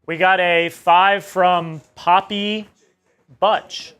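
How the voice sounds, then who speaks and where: Young male co-host, high-pitched and excitable, cracks jokes with viewers. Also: drawn-out words, clear, resonant tone. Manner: joking, excitable, teasing the chat. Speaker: co-host of a sports live stream. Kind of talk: casual live-stream chat.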